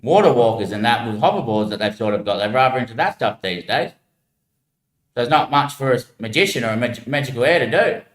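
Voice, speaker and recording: A man's voice: mid-range voice, lively intonation, brisk. A man rambling in a meandering, musing monologue full of slang. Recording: echoey room.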